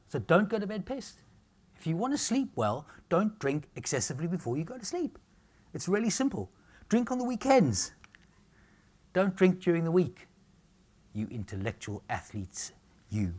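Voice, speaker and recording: A nutrition speaker with an Australian accent and a husky, fairly high voice gives a live health seminar to an audience. He's blunt and jokey, swearing casually.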